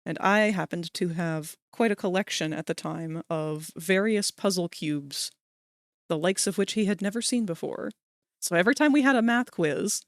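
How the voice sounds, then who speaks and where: A woman streams live while she works, chatting casually, telling rambling stories, and talking with her chat viewers. Her mid-range voice comes through clean, with studio quality and no echo.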